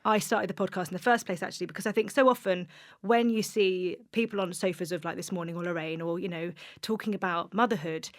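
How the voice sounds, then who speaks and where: A woman's voice: fairly low pitch, steady tone, dry recording, clean studio sound. Eager woman podcast host. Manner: chatty, eager, quick interjections. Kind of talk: podcast interview. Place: podcast studio.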